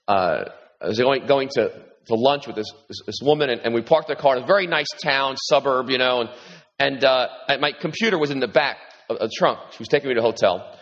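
A man preaching a sermon as pastor, animated and repeating himself, his voice lifting when he quotes Jesus. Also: fairly quick. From New York. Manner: animated, repeats words, rises in pitch when quoting Jesus. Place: large hall with congregation. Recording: echoey hall, dull sound.

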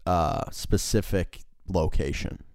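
A man's voice: sits low, slow pace, no echo, clean studio sound. A young man casually telling a work story, rambling with lots of fillers and frequent laughs.

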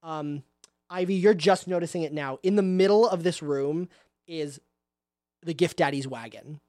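A man's voice: a little high, moderate pace, a little mellow, dry recording, studio quality. A man narrating a tabletop game as game master in a casual, chatty way.

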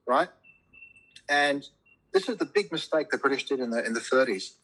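This immigrant to a Commonwealth country rambles on a podcast, restarting frequently, cursing freely when he's heated and pressing his strong views. His medium-pitched voice is bright, forward and a little husky, animated at a moderate pace with long pauses, and the recording quality is low.

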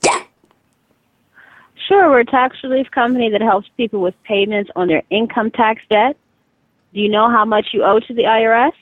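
A woman's voice: on the high side, steady tone, no echo. Tinny-voiced woman phone agent. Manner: brisk, polite, matter-of-fact. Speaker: tax relief company phone agent. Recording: tinny dry phone line.

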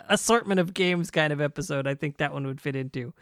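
A man's voice: fairly high pitch, a little fast, fairly bright tone, no echo, clean studio sound. A man hosting a casual podcast chat with friends, joking and laughing often. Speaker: podcast host.

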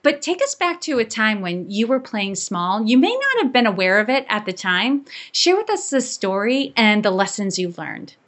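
A woman's voice: fairly high pitch, very animated, normal speed, few pauses, a bit bright. Woman podcast host, encouraging, reflective interviewer. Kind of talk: interview questions.

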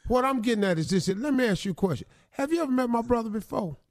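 A man playing a suspicious boyfriend in an improv comedy scene, stammering and pressing the question again and again. His voice sits high with a gravelly edge and lively swings, recorded dry and close. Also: quick pace, dry recording. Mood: insistent. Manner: stammering, insistent, repeats "baby" and "hold on".

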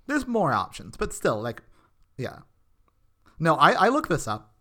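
A man's voice: on the high side, wildly swooping pitch, a little slow, bright, forceful tone. A man co-hosting a casual podcast recap, enthusiastic and jokey, cutting in with side comments. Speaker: podcast co-host.

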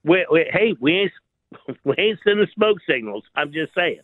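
A man's voice: fairly high pitch, sing-song, moderate pace, no echo. Guy calling in on a tinny phone line, jokey and teasing, dry sound. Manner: teasing, laughing. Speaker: caller. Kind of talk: joking call-in chat.

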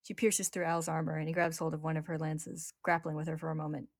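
Low, gravelly woman recapping a story. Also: level tone, fast, dry recording, clean studio sound. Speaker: podcast host.

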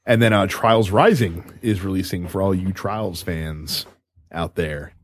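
A man's voice: sits low, unhurried, no echo. A man hosting a casual gaming podcast, running through news items conversationally with fillers. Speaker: podcast host.

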